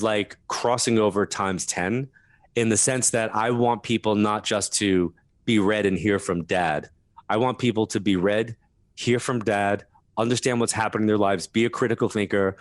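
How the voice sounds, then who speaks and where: Male guest, low-leaning voice, chatty storyteller, laughs easily, dry studio sound. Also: no room sound. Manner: laughs through his stories, quick asides. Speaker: guest medium. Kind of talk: animated storytelling interview.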